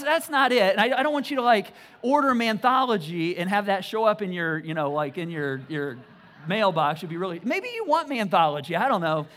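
A man's voice: a little high, a bit bright. Brief: emphatic male preacher in a church, stammers and repeats for punch. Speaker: pastor. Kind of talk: sermon.

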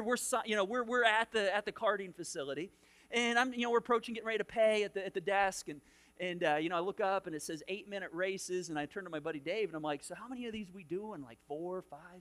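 A man's voice: high-pitched, a bit bright. A middle-aged male pastor preaching a sermon, telling a personal story with lots of quoted dialogue and restarts.

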